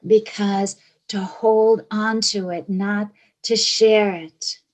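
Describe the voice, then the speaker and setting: A middle-aged woman with a Georgia accent, giving a reflective spiritual talk in short phrases with long pauses, often dropping to a hushed whisper. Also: mid-range voice, steady tone, poor audio. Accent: Georgia (US South). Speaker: spiritual teacher.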